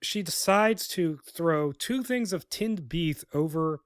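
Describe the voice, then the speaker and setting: A man's voice: fairly high pitch, animated, slow pace, smooth, no echo, clean studio sound. A man hosting a podcast, recapping and mocking a film script in a casual, rambling, sarcastic way with many fillers and restarts. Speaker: podcast host.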